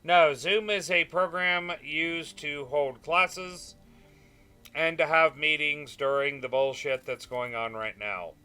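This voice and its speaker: Bright-voiced young man chatting on a game stream. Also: fairly high pitch, takes it slowly, clean tone. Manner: chatty, answers chat, trails off with fillers. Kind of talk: casual gaming stream chat.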